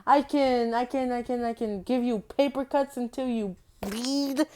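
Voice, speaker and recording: A woman's voice: fairly high pitch, fairly even intonation, unhurried, a little mellow, slight background noise, pitched above the performer's own voice, lightly acted. A woman voicing a menacing male animatronic bear who taunts his victim with repeated threats. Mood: taunting.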